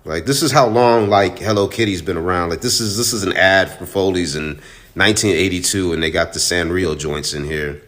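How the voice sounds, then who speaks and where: Shop owner, male, lowish voice, loose and profane, chatty comic recap. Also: fairly quick, fairly bright tone. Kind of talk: casual comic book recap. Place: own store in Houston.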